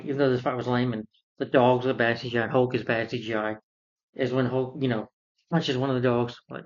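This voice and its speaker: A man's voice: mid-range voice, muffled recording. A man casually recapping a film in a rambling rant, full of fillers and sarcastic asides. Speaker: film reviewer.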